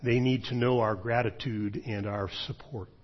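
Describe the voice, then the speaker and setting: A middle-aged man, a pastor, preaching a sermon in a measured storytelling way, pausing often with fillers. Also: medium pitch, fairly even intonation. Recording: dull lo-fi sermon recording.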